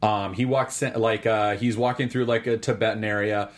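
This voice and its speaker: A man hosting a casual chat, retelling footage with animated acted-out quotes. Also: normal speed. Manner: animated, acts out quoted lines in a lowered voice. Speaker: podcast host. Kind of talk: casual pop-culture chat, retelling a film scene.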